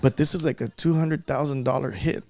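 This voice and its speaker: A man's voice: medium pitch, steady tone, brisk, vocal fry, mellow, dry recording. Earnest man retelling a loss. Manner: earnest, repeats himself as he recalls. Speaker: guest. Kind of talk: emotional podcast interview.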